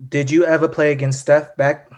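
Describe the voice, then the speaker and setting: Male interviewer, flat even delivery, hesitant questions. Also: fairly high pitch. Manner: halting questions with fillers. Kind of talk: casual interview.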